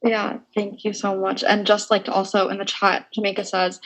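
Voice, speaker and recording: A young woman moderating a casual panel over a video call, relaxed and affirming. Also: mid-range voice, moderate pace, hardly any pauses, low-quality recording. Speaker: discussion moderator.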